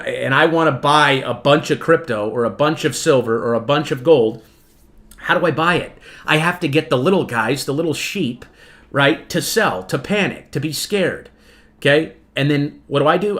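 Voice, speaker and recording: A man's voice: fairly high pitch, fairly bright tone. A man hosting a trading livestream, giving emphatic market commentary. He calls his viewers "folks" and keeps checking in with "okay?" and "right?". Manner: emphatic, repetitive, peppers lines with "okay?" and "right?". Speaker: trading channel host.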